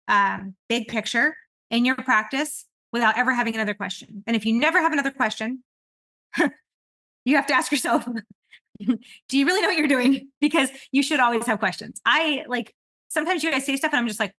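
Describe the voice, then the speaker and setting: Brief: woman podcast host, bright and a little high, talks in loose rambling chat with lots of laughs. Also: normal speed, no room sound. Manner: rambling and animated, with frequent laughter. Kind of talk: casual conversational podcast chat.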